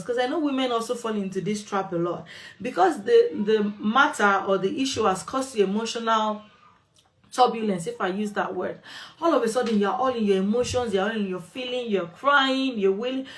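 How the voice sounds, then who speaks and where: A woman host talking straight to her viewers with relationship advice, firm and emphatic, repeating phrases for stress. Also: mid-range voice. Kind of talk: direct-to-camera advice talk.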